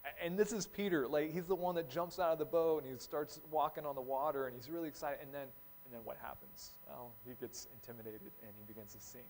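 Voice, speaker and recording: A male pastor preaching a casual, conversational sermon, acting out short quotes in lively voices. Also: on the high side, fast, slight background noise, low-quality recording.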